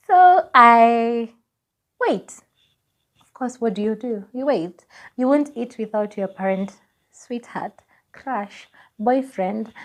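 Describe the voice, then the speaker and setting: A young Kenyan woman in her twenties telling a personal story on her vlog, lively and laughing as she acts out what people said. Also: a little high. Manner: animated, laughing, acts out dialogue. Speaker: vlogger.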